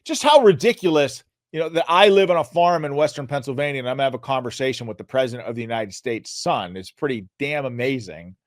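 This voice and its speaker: A male show host giving an emphatic, earnest political commentary monologue, his voice going hoarse. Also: mid-range voice, fast, hardly any pauses, no room sound, studio quality. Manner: emphatic, earnest, rising to loud peaks. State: losing his voice.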